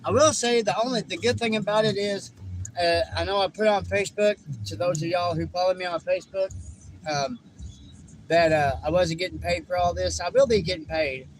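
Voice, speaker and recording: A man with a high voice, chatting on a live stream from inside his vehicle. He rambles and cusses casually, circling back to repeat himself, with faint outdoor noise behind him. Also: a little fast, low-quality recording. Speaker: livestreamer.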